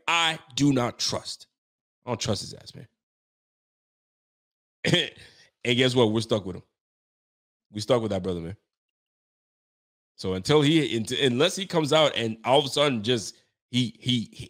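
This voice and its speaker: A man's voice: medium pitch, fairly bright tone. A young man hosting a sports show, venting in a heated postgame rant, slangy and repetitive. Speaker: sports podcast host.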